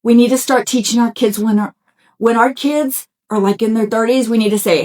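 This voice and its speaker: A middle-aged woman with a slightly raised pitch speaks as a podcast host. She gives a motivational self-help talk in a warm-hearted, conversational way, addressing listeners directly and often asking "right?". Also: fairly even intonation, a little fast. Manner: encouraging and conversational, talks straight to listeners; folksy, with frequent "y'all" and "right?".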